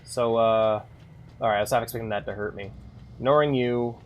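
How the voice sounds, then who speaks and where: A man streaming a game, rambling and swearing freely as he thinks out loud between moves. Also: medium pitch, fairly even intonation, brisk. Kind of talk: casual gameplay commentary.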